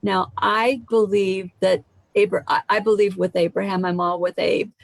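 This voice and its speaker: A woman's voice: medium pitch, steady tone, normal speed, vocal fry, no echo, poor audio. An American woman hosting a casual group chat who tells stories with animation and acts out other people's voices. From United States.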